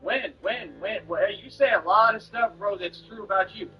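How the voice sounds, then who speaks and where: A man's voice: high-pitched, normal speed, hardly any pauses, highs cut off, soft background music. A man streaming while he delivers a confrontational, boastful rant at an online critic.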